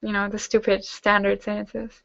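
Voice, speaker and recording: A woman's voice: mid-range voice, completely flat delivery, moderate pace, gravelly, fairly bright tone, no room sound, highs cut off. A young German woman answering viewer questions in a casual online hangout, rambling with lots of fillers as she reads questions aloud and answers them.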